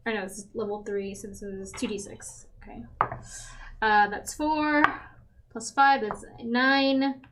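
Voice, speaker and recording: A woman's voice: fairly high pitch, steady tone, a little slow, heavy background noise. A woman playing in a tabletop game, playful and giggly, with self-mocking asides. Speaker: player. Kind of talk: casual tabletop play.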